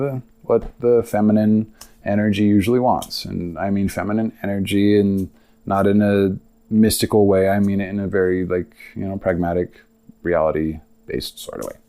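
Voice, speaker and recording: A man's voice: on the low side, fairly even intonation, normal speed, gravelly, dark tone. A young man hosting a podcast, telling a personal story in a rambling, casual way with lots of asides. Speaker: podcast host.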